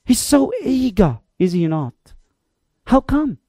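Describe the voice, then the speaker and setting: A preacher delivering an emphatic, dramatic sermon that swings between loud cries and quiet asides. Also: medium pitch, big pitch swings, slow pace, slightly rough, no echo, studio quality. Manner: emphatic, dramatic, varies loudness and tempo.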